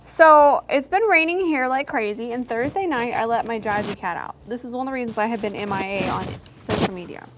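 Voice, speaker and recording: A young beauty vlogger with a fairly high voice chats and tells a story while doing her makeup, with background noise audible. She's chatty and giggly, moving quickly through the tale and dropping in quoted asides.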